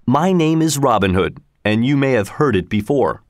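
A man's voice: expressive, moderate pace, no echo, clean studio sound, natural voice. A man voicing Robin Hood, jaunty outlaw. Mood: bold. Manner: jaunty, mocking, raised pitch. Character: bold cheerful male outlaw leader, proud. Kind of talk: storybook reading.

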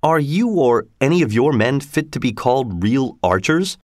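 A man voicing a giant, proud male stranger who talks bluntly and boastfully, slightly higher than his narrating voice. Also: big pitch swings, normal speed, no room sound, studio quality, lightly acted.

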